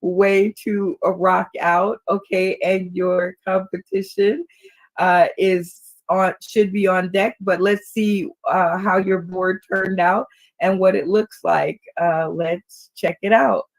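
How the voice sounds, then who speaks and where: Female game show host, slow unhurried pace, encouraging. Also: mid-range voice, steady tone. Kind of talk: hosting a comedy game show.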